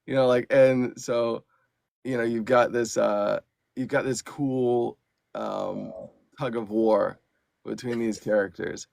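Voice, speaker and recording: A man, an audiobook narrator and actor, chatting as a podcast guest in an animated way with lots of fillers. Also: medium pitch, takes it slowly, gravelly, no room sound, clean studio sound. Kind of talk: casual podcast chat.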